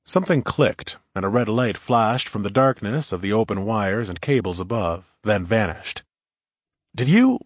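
Low-voiced male audiobook narrator. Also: moderate pace, few pauses, no echo, studio quality. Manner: wry, conversational storytelling. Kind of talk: first-person audiobook narration.

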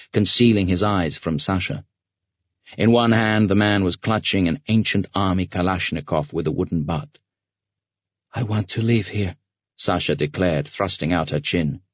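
A man reading scripted audiobook narration in a steady, measured way. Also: deep voice, dry recording. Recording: dull, dry lo-fi recording.

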